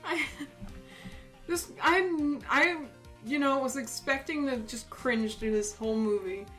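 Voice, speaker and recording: A woman's voice: high-pitched, slow pace. A young woman streamer casually telling a funny story while drawing, laughing often as she talks. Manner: giggly, animated, laughs often. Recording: faint music playing behind.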